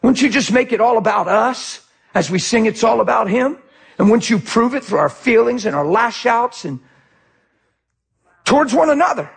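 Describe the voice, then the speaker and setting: Gravelly high-voiced man preaching passionately. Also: animated, moderate pace. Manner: passionate, swings from shouting to quiet. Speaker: pastor. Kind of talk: sermon.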